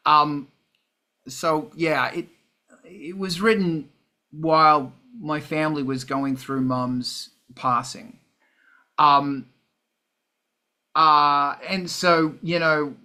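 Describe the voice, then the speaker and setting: A man's voice: a little high, takes it slowly, pauses often, pushed and bright. A man, a musician hosting a casual chat, self-deprecating and swearing often as he talks through and reads his song lyrics. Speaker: podcast host and musician. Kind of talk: casual chat about songwriting.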